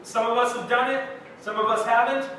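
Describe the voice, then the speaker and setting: A man's voice: extremely high pitch, steady tone, a little fast, bright, forceful tone. A young man preaching a sermon as pastor, telling casual, self-deprecating stories to his congregation in a church. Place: church sanctuary. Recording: echoey church hall from far off with faint noise.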